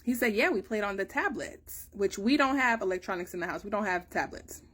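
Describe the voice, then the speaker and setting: A woman in her thirties, a mother chatting casually to her viewers and telling a long story, acting out her own questions with sudden rises in pitch. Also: expressive, a little fast, a bit bright. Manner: chatty storytelling, acts out dialogue with rising pitch. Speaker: mother giving a family update. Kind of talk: casual chat to camera.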